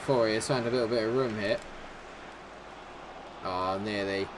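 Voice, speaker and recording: A man giving live commentary over his own football video game, calm and chatty between chances and shouting when his side scores. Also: lowish voice, a little slow, background noise. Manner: excitable football-style commentary, shouts at goals. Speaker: gaming YouTuber.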